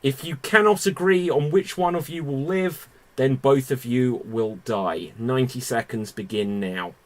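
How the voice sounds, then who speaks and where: A man's voice: medium pitch, measured pace. A man hosting a live improv murder-mystery game over a video call, with a theatrical announcer delivery. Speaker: game host.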